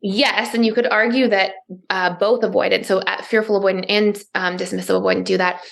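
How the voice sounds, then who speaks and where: Gravelly-voiced woman therapist explaining. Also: medium pitch, steady tone, a little fast. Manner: fluent, explains with examples, frequent "like". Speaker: therapist and podcast guest. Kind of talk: explanatory interview talk.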